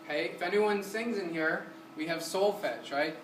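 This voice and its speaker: A high-pitched man speaking at an ordinary pace leads a music lesson, singing brief syllables as examples and constantly firing questions at his class with energy. It's recorded in a community center room through a far-off mic, so the sound is roomy and noisy.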